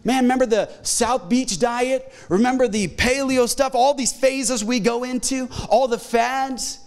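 A middle-aged male pastor preaches in a church auditorium with a notably high voice. He talks in an animated way and slips into quick voices for the people he quotes. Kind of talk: sermon.

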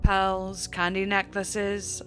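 A woman's voice: medium pitch, monotone, drawn-out words, a bit bright, soft background music. Chatty emotional woman. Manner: chatty and emotional, with many fillers. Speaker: music video reactor. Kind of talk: casual reaction commentary.

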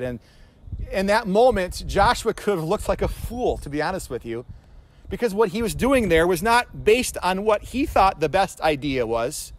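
A man with a high-pitched voice delivers a sermon as pastor. He talks in an earnest, personal way, repeating words as he finds his phrasing, and builds toward emphatic questions for his listeners. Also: lively intonation, normal speed, slight background noise.

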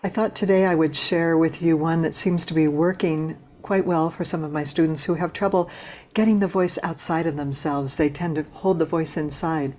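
A woman voice teacher giving a patient, measured explanation of a singing technique, with small restarts as she talks. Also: low voice, steady tone, darkish tone, slight background noise. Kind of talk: instructional talk to camera.

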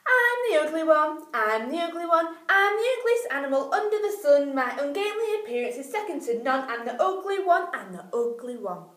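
A woman's voice: high voice, big pitch swings, moderate pace, hardly any pauses, a bit bright, echoey room, voice pushed up. A woman voicing an ugly female wildebeest who sings proudly about herself in a sing-song way. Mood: cheerful.

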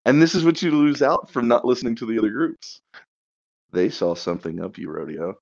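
A man's voice: medium pitch, brisk, gravelly, darkish tone, lo-fi sound. A man running a tabletop campaign, chatting casually on a podcast and teasing the players about plot secrets. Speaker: dungeon master.

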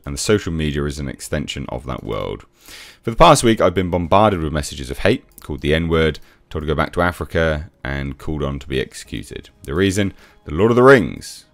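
A man's voice: extremely low pitch, dry recording. A man giving a sarcastic, exasperated commentary rant as a reviewer. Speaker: YouTube reviewer. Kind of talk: ranting commentary.

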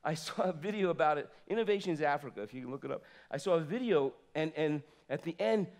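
Animated preaching man, fairly high voice. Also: quick pace. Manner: animated, swings from loud exclamations to soft asides. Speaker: pastor. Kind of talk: sermon. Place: church sanctuary.

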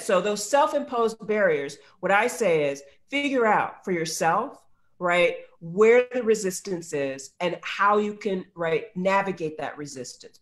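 A woman speaking as a guest on a webinar, telling stories emphatically over a video call. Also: mid-range voice. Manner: emphatic, storytelling with asides. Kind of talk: webinar talk. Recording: video call audio, drops out.

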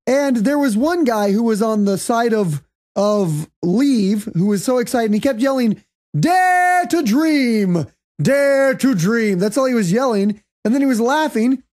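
A woman hosting a casual comedy podcast, telling rambling stories in a loud, profane way. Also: on the high side, normal speed. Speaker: podcast host.

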